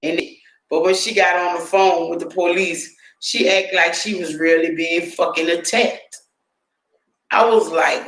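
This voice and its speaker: High, bright-voiced man ranting profanely. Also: unhurried, reverberant, rough recording. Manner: profane, laughing, talks to the chat. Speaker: livestream host. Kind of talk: casual livestream commentary.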